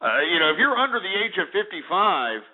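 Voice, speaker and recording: Angry ranting talk-radio host. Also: male voice, high-pitched, big pitch swings, fairly quick. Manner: angry, ranting, insulting callers. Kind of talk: call-in talk radio rant. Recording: lo-fi phone-like radio archive.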